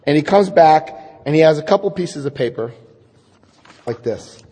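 A middle-aged man from New Jersey telling a personal recovery story, wryly and self-deprecatingly, acting out dialogue with halting restarts. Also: a little high, lively intonation, mellow, breathy edge. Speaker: speaker sharing his recovery story. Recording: long hall reverb.

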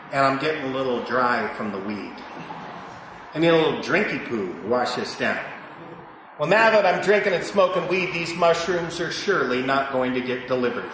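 A man in his sixties sharing his personal story with a live audience at a recovery meeting, animated and swinging between loud and hushed. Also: mid-range voice, brisk, background noise. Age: 60s. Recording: echoey hall recording.

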